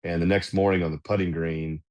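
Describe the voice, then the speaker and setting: Man, middle-aged, very low voice, casual anecdotal storytelling, podcast guest. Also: brisk. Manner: animated anecdotal telling with fillers. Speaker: guest, golf club director.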